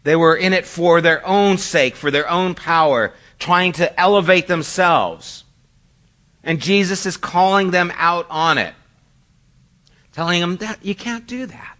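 A man's voice: high voice, a little slow, bright, forceful tone. A middle-aged male pastor preaching a sermon in a conversational, storytelling way, poking fun at himself. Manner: conversational storytelling with self-deprecating asides.

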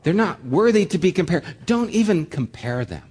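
A middle-aged man preaching a sermon, reading scripture aloud in a measured, earnest way. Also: sits high, very animated, a little mellow, breathy edge. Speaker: pastor. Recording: long hall reverb.

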